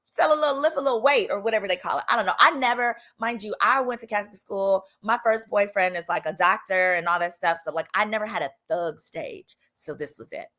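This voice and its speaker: A woman attorney hosting a casual storytime vlog, with a strong accent and an animated, chatty delivery that slips into voices for dialogue. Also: medium pitch, brisk, hardly any pauses. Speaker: attorney and channel host.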